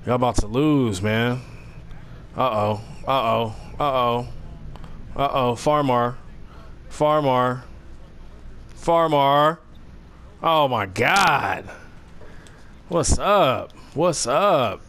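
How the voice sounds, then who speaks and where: A young man giving casual, slangy, excitable commentary over a basketball video game, trash-talking the players. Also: mid-range voice, slow, pauses often. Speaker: gaming commentator.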